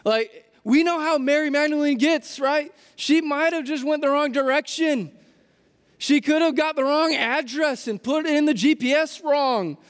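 A man preaching a sermon in a casual, animated storytelling way, often restarting his words. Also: very high voice, measured pace. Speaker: pastor. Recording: long hall reverb.

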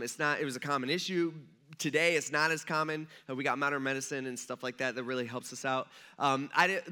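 A man's voice: fairly high pitch, bright, forceful tone. A young man preaching a casual, conversational sermon, rambling and chatty with lots of asides and fillers. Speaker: pastor.

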